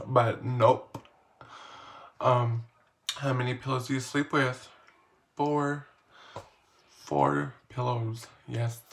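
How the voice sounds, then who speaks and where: A man's voice: medium pitch, little pitch movement, drawn-out words, gravelly, long pauses. A man casually reading questions aloud and answering them in a playful, slangy, self-mocking vlog. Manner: reads each question aloud, then answers. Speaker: vlogger.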